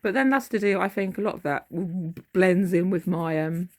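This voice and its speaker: A middle-aged woman talks in a meandering, casual way, stopping to hunt for words. Her voice sits low and has a husky, gravelly texture. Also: moderate pace, darkish tone. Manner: meandering, loses her thread, searches for words. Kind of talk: rambling casual monologue recounting a dream.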